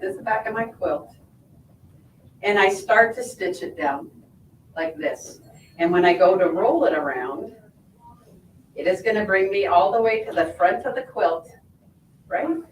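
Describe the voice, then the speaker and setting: A woman with a lowish voice teaches quilting hands-on in a sewing shop or studio, explaining each step in a friendly way and checking in with "right?" and "okay?". She's off-mic and distant in an echoey room with slight background noise.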